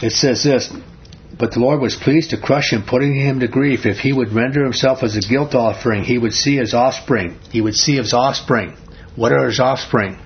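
Reading Bible passages aloud, a man teaches a study group and keeps putting questions to them. He has a husky, slightly breathy mid-range voice at normal speed, captured in a dull lo-fi recording.

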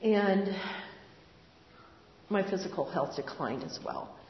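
An older woman tells her personal faith story in an earnest, conversational way, pausing often. Her voice has a gravelly edge. The recording is dull and lo-fi, with the long reverb of a large hall. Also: medium pitch, sing-song, a little hiss or hum. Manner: conversational, earnest, with pauses and fillers. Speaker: speaker sharing testimony. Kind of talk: personal testimony. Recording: roomy hall, dull lo-fi sound.

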